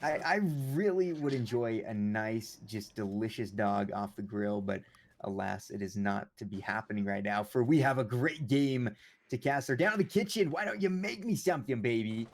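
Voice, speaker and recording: A man calling an esports match play-by-play, excitable and joking around between the action. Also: fairly low pitch, normal speed. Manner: excitable, jokey banter between calls. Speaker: esports caster.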